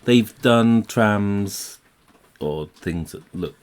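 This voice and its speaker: A man's voice: lowish voice, drawn-out words. A man co-hosting a podcast in casual chat, dry and matter-of-fact. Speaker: podcast co-host.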